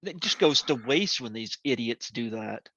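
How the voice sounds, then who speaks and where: A man's voice: medium pitch, animated, moderate pace, bright, forceful tone, no room sound. A man hosting a podcast, asking questions in a hesitant, agreeable way. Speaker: podcast host. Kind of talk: casual interview. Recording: dull lo-fi line.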